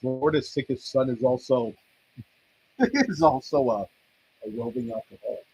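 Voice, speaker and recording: A man's voice: mid-range voice, unhurried, darkish tone, dull audio, a little hiss or hum. A man hosting a podcast, chatting loosely and rambling, joking and swearing as he reacts to wrestling results. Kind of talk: rambling casual commentary.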